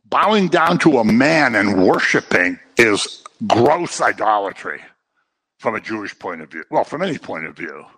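A man preaching a sermon, swinging between loud emphasis and quiet asides. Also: fairly low pitch, very animated, moderate pace, breathy edge.

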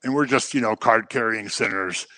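A man with a lowish, bright and forceful voice delivers a pastor's conversational sermon at a moderate pace, with no echo. He illustrates his teaching by acting out everyday scenarios.

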